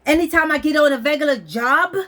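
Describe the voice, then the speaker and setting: Quick and fairly bright, a high-pitched woman vents on her vlog, swearing bluntly while sounding stressed and close to tears about something personal.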